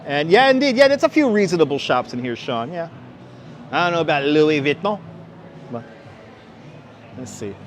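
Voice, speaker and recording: A man's voice: on the high side, very animated, normal speed, long pauses, a little hiss or hum. A man with a New York accent hosting a casual live-streamed walking tour, chatting with viewers and reading out signs. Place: outdoor city walkway at evening. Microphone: wireless clip-on mic.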